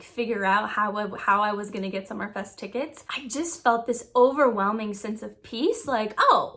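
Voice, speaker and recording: A young woman, a Christian YouTuber, giving an earnest, expressive faith teaching to camera. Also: on the high side. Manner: earnest, expressive, playfully acts out quoted thoughts. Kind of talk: faith-based teaching vlog.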